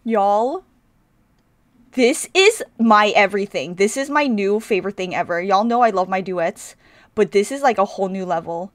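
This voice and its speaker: A woman's voice: medium pitch, dry recording. A woman hosting a casual fan reaction vlog, gushing and giving playful mock speeches with some swearing. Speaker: reaction video host.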